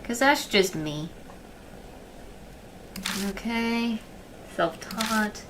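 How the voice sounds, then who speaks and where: Over heavy background noise and game music, a female streamer drawls her words in a somewhat high voice. She chats casually as she plays, reading the game's text, thinking aloud, and murmuring quietly while she explores.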